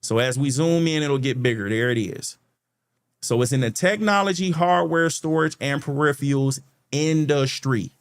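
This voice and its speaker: Man, mid-pitched voice, casual chatty tutorial, talking over a screen share, explaining stock charts. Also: moderate pace. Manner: chatty, addresses viewers as guys, checks in with okay. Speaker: stock market channel host.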